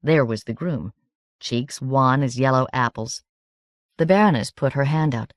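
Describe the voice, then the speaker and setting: A woman narrating a novel as an audiobook in a steady, measured reading. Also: extremely low pitch, dry recording, studio quality.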